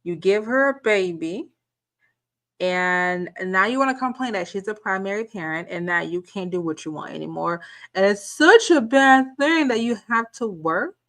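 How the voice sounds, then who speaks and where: A woman's voice: medium pitch, animated, normal speed, a bit bright. A woman channel host giving reaction commentary, firing off incredulous rhetorical questions and repeating words as she gathers her point.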